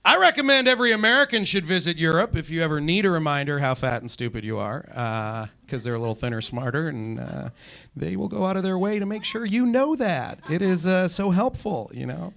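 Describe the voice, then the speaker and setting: Bright-voiced rambling male stand-up comic. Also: a little high, lively intonation, brisk, gravelly. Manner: rambling, self-deprecating, with many fillers. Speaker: stand-up comedian. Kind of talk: stand-up comedy set. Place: comedy club stage with laughing audience.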